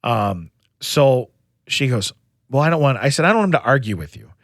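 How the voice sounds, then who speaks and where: A man's voice: medium pitch, big pitch swings, moderate pace, dry recording, studio quality. A middle-aged man co-hosting a podcast, telling a long family story in casual chat with many restarts and "you know"s. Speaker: podcast co-host.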